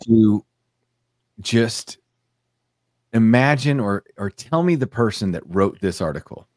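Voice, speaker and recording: A man's voice: lowish voice, animated, takes it slowly, darkish tone, no room sound. A man hosting a casual podcast, reading news aloud with a sardonic edge. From United States. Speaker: podcast host.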